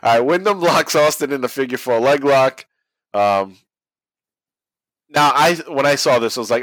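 رجل يتحدث بعفوية ويضحك كثيراً. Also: male voice, mid-range voice, normal speed, long pauses, fairly bright tone, dry recording, low-quality recording. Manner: profane, laughs often, does silly voices. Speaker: podcast co-host recapping wrestling. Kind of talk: casual chat, play-by-play recap.

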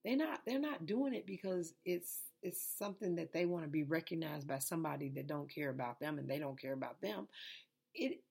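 Woman, lay preacher, sleepy and worn, gravelly husky low voice, loose repetitive delivery. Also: lively intonation, a little fast, darkish tone. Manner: repetitive, conversational preaching with restarts. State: tired and sleepy. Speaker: preacher hosting an online Bible lesson. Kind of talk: informal sermon.

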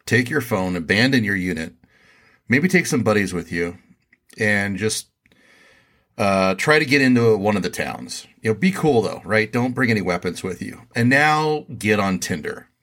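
A man co-hosting a casual podcast, giving laid-back, deadpan advice. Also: on the low side, normal speed. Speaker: podcast co-host.

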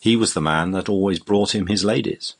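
A man voicing a blunt, defiant male butler in an audiobook reading, speaking with a husky voice. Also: sits low, a little fast.

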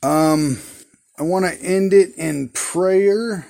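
A man's voice: high-pitched, takes it slowly, gravelly, warm tone. A man casually retelling Bible stories in a rambling, folksy, slangy way. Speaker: Bible storyteller.

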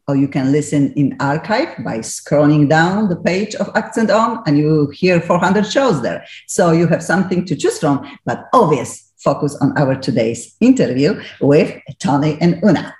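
A woman's voice: deep voice, darkish tone, roomy sound. Enthusiastic Polish-accented woman radio host. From Poland. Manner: enthusiastic, lightly broken English. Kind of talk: radio interview.

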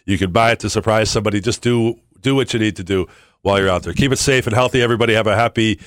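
A man hosting a sports radio show in casual chat, halting with fillers and restarts. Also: on the low side, no room sound, clean studio sound. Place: radio studio. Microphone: studio mic.

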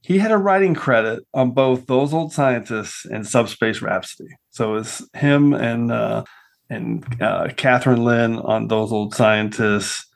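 A man's voice: mid-range voice, a little slow, gravelly. A man hosting a podcast panel, enthusiastically running through picks and stats in casual chat. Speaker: podcast host.

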